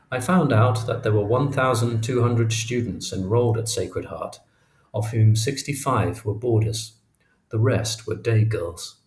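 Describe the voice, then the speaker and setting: Low-voiced man narrating an audiobook. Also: darkish tone. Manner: measured, storytelling read of a memoir. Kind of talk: scripted narration. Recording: roomy echo.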